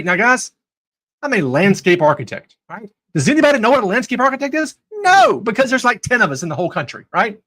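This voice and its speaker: A man's voice: high voice, huge pitch swings, brisk, a bit bright, poor audio. An American man hosting a live talk, telling stories in a sarcastic, conversational way. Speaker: host. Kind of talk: live talk on faith and trading.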